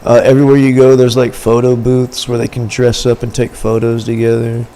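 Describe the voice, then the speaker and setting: A man's voice: mid-range voice, monotone, brisk, mellow, slight background noise. Rambling slangy male streamer. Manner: rambling, slangy, talks to chat. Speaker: livestreamer. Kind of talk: casual stream chat.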